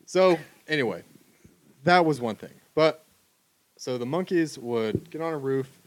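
A man telling a funny story in a casual chat, animated and laughing often. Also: a little high, measured pace, dry recording.

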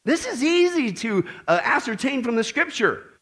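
A man preaching a sermon as pastor before a congregation, animated and joking with the people as he reads and comments on scripture. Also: very high-pitched, normal speed.

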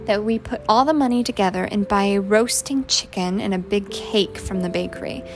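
A woman voicing a calm, practical mother in a storybook reading. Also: mid-range voice, normal speed, over music, natural voice. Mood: earnest. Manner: calm, matter-of-fact. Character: mild-mannered mother, plain and practical.

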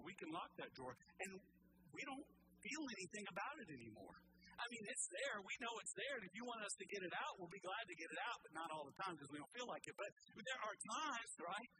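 A pastor preaching a folksy, animated sermon to the congregation, swinging from loud emphasis to soft, low asides. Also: male voice, fast. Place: church sanctuary. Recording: live sermon with clear room noise.

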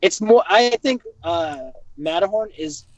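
A young man hosting a casual chat, telling stories in an animated way and swearing freely. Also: high-pitched, unhurried, no room sound. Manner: profane, animated storytelling. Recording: dull, dry lo-fi recording.

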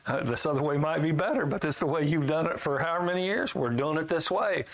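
Brief: middle-aged preacher, homespun and emphatic, voice sits a bit high, big swings up and down. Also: male voice, quick pace, hardly any pauses. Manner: folksy, emphatic, swinging between loud highs and low asides. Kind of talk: sermon.

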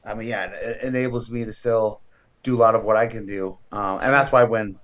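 A man in his forties chats as a podcast guest, telling stories with animated energy. He jumps into quoted voices as he goes, all while feeding a baby. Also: fairly low pitch, a little fast. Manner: animated storyteller who acts out quoted voices. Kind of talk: casual interview chat.

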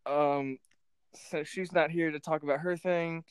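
A man's voice: fairly high pitch, steady tone, unhurried, smooth, no room sound. A young man hosting a podcast in a rambling, giggly casual chat, swearing freely. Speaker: podcast host.

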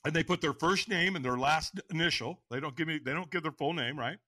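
A man in his sixties, a podcast guest, frankly telling his own story in an animated way and acting out the voices. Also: on the high side, a little fast, no room sound. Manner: animated, acts out voices and inner dialogue; frank, casual speech. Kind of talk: personal storytelling in an interview.

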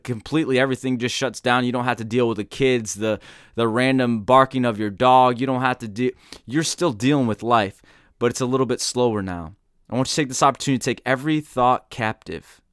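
A man's voice: medium pitch, a bit bright, smooth, no echo, clean studio sound. A man giving an earnest motivational talk in a storytelling manner. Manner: earnest, storytelling, acts out quoted voices. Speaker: motivational speaker.

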